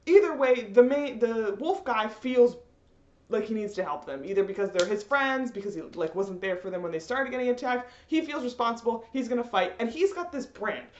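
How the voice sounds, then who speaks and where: Animated, rambling young woman ranting. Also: fairly high pitch, brisk. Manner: rambling, animated, filler-heavy. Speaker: vlogger. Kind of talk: ranting commentary. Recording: roomy, slightly dull recording.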